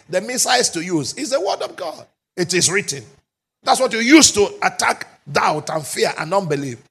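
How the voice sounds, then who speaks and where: Husky, animated male preacher. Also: sits high, a little fast. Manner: emphatic preaching, often shouting; rhetorical questions to the congregation. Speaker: pastor. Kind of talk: sermon.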